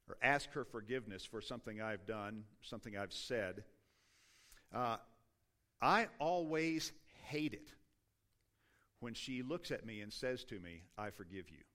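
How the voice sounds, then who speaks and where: A man's voice: medium pitch, normal speed, a bit bright. Man preaching a conversational sermon. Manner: self-deprecating, conversational preaching with restarts. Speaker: pastor.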